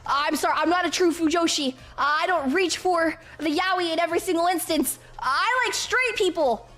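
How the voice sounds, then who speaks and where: A woman's voice: very high voice, moderate pace, fairly bright tone. A woman in a comedy video, joking and self-mocking with stammering restarts. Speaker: video creator.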